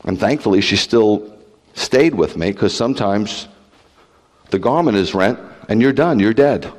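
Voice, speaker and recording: A man preaching as a rabbi, blunt and animated, peppering the congregation with rhetorical questions and teasing jabs. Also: fairly low pitch, measured pace. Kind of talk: livestreamed sermon. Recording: long hall reverb.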